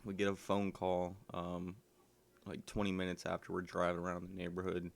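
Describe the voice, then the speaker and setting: A man's voice: sits low, monotone, moderate pace, vocal fry. A man casually telling a personal story, rambling with lots of ums and likes.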